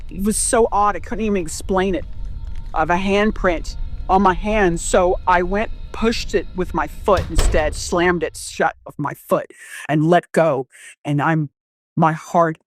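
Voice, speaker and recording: A woman telling a first-hand scary story as a podcast guest, rambling, restarting and swearing as she quotes herself. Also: lowish voice.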